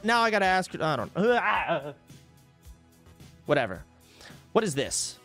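A young man with a raised, very animated voice talks to his live audience in a profane, sarcastic way. He speaks casually into a desk microphone from his home streaming setup, with faint music playing underneath. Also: sits high.

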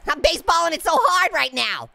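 In comedic let's-play commentary over game music, a man voices a hyper, giggly male talking orange who cracks puns and taunts. His heavily acted, very animated delivery is giddy and a little fast, in a gravelly, high cartoon voice that's bright and forceful, with no room sound.

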